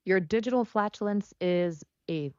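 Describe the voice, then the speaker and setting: A synthetic woman's voice of an AI chat companion, replying in a polite, measured, slightly formal way. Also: medium pitch, a little mellow, no room sound. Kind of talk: conversational AI reply. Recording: dull, lo-fi sound.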